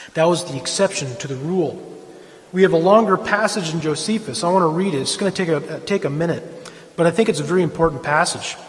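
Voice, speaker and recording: A man giving an impassioned, lecture-style talk at a church event, emphatic and pressing his points. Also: long reverb tail. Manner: emphatic, rises in pitch and volume when pressing a point. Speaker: speaker at a church Easter event. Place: church hall.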